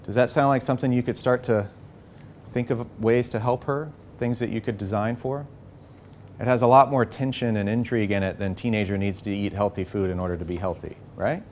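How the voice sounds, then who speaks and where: A man leading a live workshop, coaching the group with an energetic manner and frequent "okay?" and "right?" check-ins. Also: lowish voice, a little fast, slight background noise. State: a bit out of breath. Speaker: workshop facilitator. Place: workshop room.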